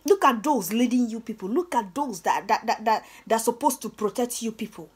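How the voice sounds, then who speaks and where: A woman's voice: a little high, lively intonation, a little fast, husky. A young Nigerian woman with a Nigerian accent, hosting her own channel and ranting scornfully, repeating herself with lots of "eh"s and stammered restarts. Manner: scornful, repetitive, stammers with many "eh"s. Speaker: channel host. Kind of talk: ranting commentary vlog.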